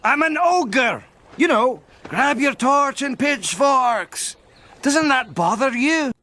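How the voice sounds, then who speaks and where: A big, grumpy Scottish ogre in an animated film, gruff and defiant, with a strong brogue. The voice sits very high, bright and edgy, and it drawls its words slowly, set back from the mic. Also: male voice, heavily acted.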